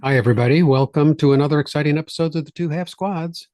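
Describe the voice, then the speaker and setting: Chatty American podcast host, dry sound. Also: male voice, fairly high pitch, fast talker, a little mellow, no room sound, soft background music. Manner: rambling, chatty, prone to joke accents. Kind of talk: casual podcast chat.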